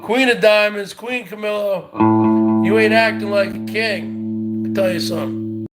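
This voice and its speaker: A man doing a comic impression of a brash loudmouth who taunts a rival over and over in shouty bursts. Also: high-pitched, animated, a little slow, loud music behind the voice. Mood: taunting. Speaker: parody comedian. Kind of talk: comedic impression rant.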